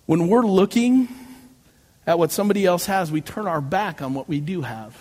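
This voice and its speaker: A man preaching a sermon as pastor, telling personal stories with animated delivery and self-mocking jokes. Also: high voice, normal speed. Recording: long reverb of a large hall.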